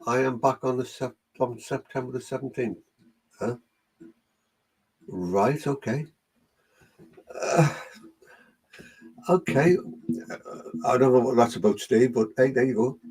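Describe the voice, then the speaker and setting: A man's voice: medium pitch, measured pace, long pauses, darkish tone, breathy edge. A man with a Geordie accent, working as a medium and chatting through a live online reading session while greeting viewers by name.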